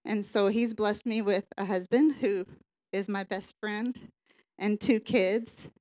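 A woman's voice: mid-range voice, steady tone, takes it slowly, a little mellow, rough recording. Woman giving an earnest testimony. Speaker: congregation member giving testimony. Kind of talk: personal testimony.

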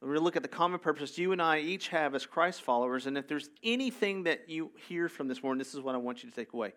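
Male pastor, fairly high pitch, relaxed conversational sermon delivery. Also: fast talker. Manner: conversational, asides while reading scripture.

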